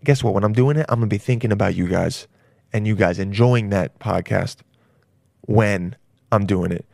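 A man's voice: lowish voice, normal speed, creaky, a little mellow, dry recording, studio quality. A man hosting a comedy podcast, rambling crudely and laughing at his own jokes. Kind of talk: casual comedy podcast monologue.

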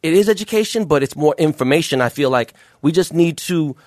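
A man working as a jeweler, talking as a guest in a casual interview, using rapid, profane street slang with lots of fillers. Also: on the high side, lively intonation, dry recording, studio quality.

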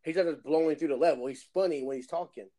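A man chatting casually on a podcast, telling lively gaming stories and mimicking other players' voices. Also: fairly high pitch, fast, crowd noise, low-quality recording. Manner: animated storyteller who acts out other players' voices and swears. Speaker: podcast co-host. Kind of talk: casual chat, storytelling.

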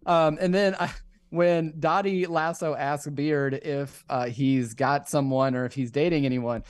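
A man's voice: fairly high pitch, steady tone, unhurried, no echo. Hesitant podcast co-host man, dry sound. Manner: hesitant, many uhs, retells quotes. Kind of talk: casual chat.

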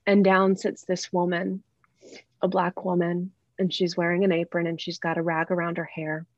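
A woman's voice: lowish voice, little pitch movement, moderate pace, dry recording. A woman, a podcast guest, telling a personal story in an earnest, rambling way, often restarting and correcting herself. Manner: earnest and heartfelt. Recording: dull, slightly lo-fi dry sound.

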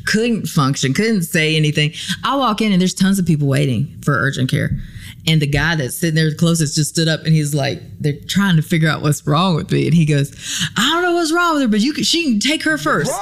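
A woman's voice: sits low, vocal fry. A woman guest on a podcast, telling a story casually, acting out the lines of people in it, with many ums and likes. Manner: animated retelling, acts out quoted lines.

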